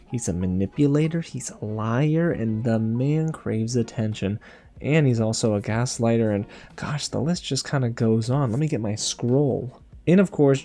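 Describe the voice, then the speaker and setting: A man hosting a casual reality TV recap, talking in an animated, gossipy way and laughing often. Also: medium pitch. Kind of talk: casual review monologue.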